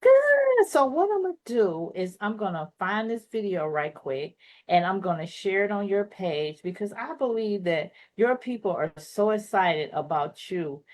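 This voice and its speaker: A woman's voice: mid-range voice, lively intonation, normal speed, a little mellow. A woman with a Southern US accent hosts a talk show over a video call. She talks in a chatty, affectionate way and jokes with her guest. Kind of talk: lively casual talk show hosting.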